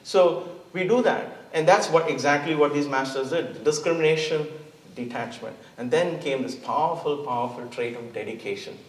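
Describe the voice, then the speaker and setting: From a church stage, a guest speaker delivers an earnest, emphatic inspirational talk, often repeating words. His voice is on the high side and moderately paced, recorded at a distance in an echoey church hall.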